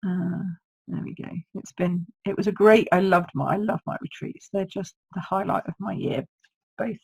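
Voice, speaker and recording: A woman's voice: fairly low pitch, normal speed, vocal fry, a little mellow, slightly rough, rough recording. A woman with a sore throat, chatting through a live card-making demonstration and thinking aloud as she works. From United Kingdom. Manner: chatty, thinks aloud, reads viewer comments. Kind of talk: live-streamed craft demonstration.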